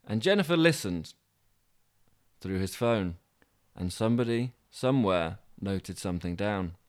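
A man narrating a comic story with dry, deadpan asides. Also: lowish voice, unhurried. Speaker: podcast host and storyteller.

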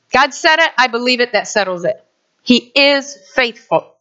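Lively high-voiced woman pastor preaching. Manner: animated, acts out quick voices. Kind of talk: sermon. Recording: dull lo-fi sound.

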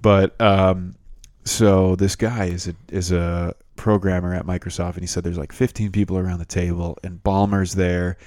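A man with a very deep voice co-hosts a casual chat. He tells stories in a loose, animated, joking way. The sound is dry and close, with no room echo. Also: normal speed.

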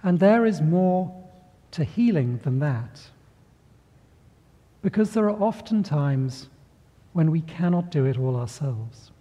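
A middle-aged man preaching a sermon, speaking with measured pauses and slipping into voices when telling a story. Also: fairly high pitch, expressive, mellow, in a large hall, muffled recording. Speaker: pastor.

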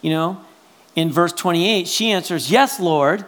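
A man preaching a sermon as pastor, talking in a conversational, animated way, often checking in with "right?", and swinging between loud exclamations and quiet asides. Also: sits high, a little slow.

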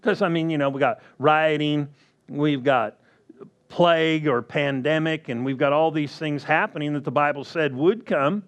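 A man preaching a sermon slowly and emphatically, often asking the congregation questions. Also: on the high side.

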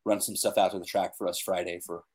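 A man's voice: sits low, little pitch movement, quick pace, a little mellow, slightly rough. Chatty young man hosting a podcast. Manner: enthusiastic, filler-heavy, says like and dude a lot. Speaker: podcast co-host. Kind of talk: casual chat.

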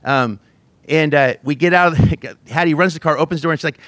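A man's voice: on the high side, a little fast, fairly bright tone, dry recording, studio quality. A pastor in his forties preaching a sermon, telling a family story with self-mocking laughs and acting out the voices he quotes.

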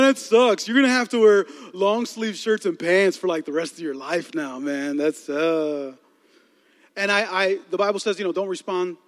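A man's voice: high-pitched, a bit bright. A man preaching a sermon as a pastor, telling comic stories with asides to the congregation. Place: large church hall. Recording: long hall reverb.

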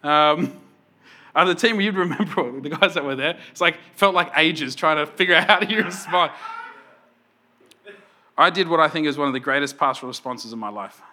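Bright-voiced male pastor telling a story. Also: on the high side, moderate pace. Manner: storytelling, animated, laughing often. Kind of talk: sermon.

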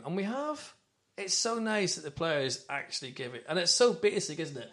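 Fast-talking man in animated fan chat. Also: fairly high pitch. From Wales. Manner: animated, rambling, self-interrupting. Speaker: podcast host. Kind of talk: casual football fan chat.

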